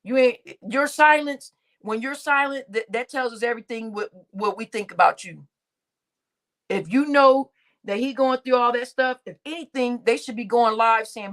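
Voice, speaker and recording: A woman hosts her own live stream in a loose, slangy rant. Her voice sits a little on the high side, and she talks bluntly and swears freely while she scolds people. She breaks up her remarks with laughs. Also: expressive, normal speed, fairly bright tone.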